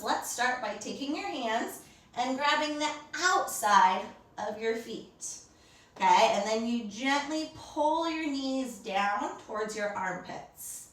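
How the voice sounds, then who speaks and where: A woman's voice: high-pitched, a bit bright, roomy sound, recorded from a distance. A woman teaching a storytime yoga lesson to children, encouraging them, asking them questions and praising them.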